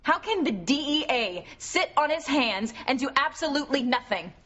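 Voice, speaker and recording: A woman's voice: high voice, animated, normal speed, a bit bright. An actress playing a defiant woman in protective custody, talking in an insistent, confrontational way. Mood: indignant. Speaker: soap opera character. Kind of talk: daytime soap acting. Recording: dull TV audio under music.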